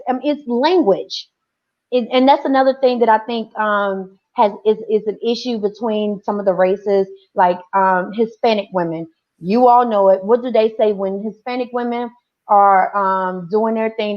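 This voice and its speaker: A woman in her forties on a discussion panel, telling stories in an animated way and acting out other people's lines. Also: fairly high pitch, highs cut off. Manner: animated storytelling with quoted voices.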